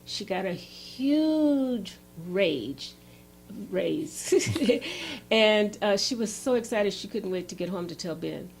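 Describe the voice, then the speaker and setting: A woman presenting a relationship workshop who tells an example story in a lively, animated way. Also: medium pitch, slow pace, vocal fry, slight background noise. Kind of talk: storytelling lecture.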